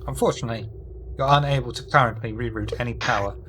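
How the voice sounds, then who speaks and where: A man serving as game master for a sci-fi tabletop session, speaking at an ordinary middle pitch. He calls out difficulties and dice results in a relaxed tone. He narrates what the enemy ships do while he reasons it out aloud. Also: quick pace, noisy background.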